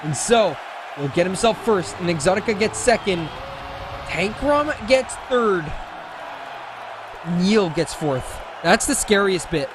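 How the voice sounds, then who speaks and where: A man casting live esports play-by-play, excitable and jokey, often correcting himself mid-sentence. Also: high-pitched, slow pace, pauses often, crowd noise. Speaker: esports caster. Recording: game engine and car noise underneath. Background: racing game sounds.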